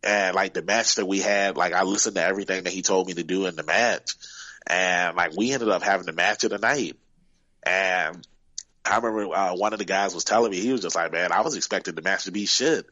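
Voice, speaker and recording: A man's voice: low voice, brisk, sharp tone, dry recording, highs cut off. A man, a guest wrestler, telling stories casually in an interview, rambling with many fillers.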